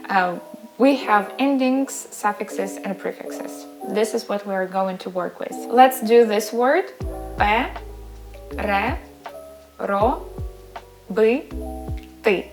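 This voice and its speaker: Slow, patient Ukrainian-accented woman teacher. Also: mid-range voice. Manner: sounds out syllables slowly, then blends them. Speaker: language teacher. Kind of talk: slow, patient language lesson. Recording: clear music playing behind.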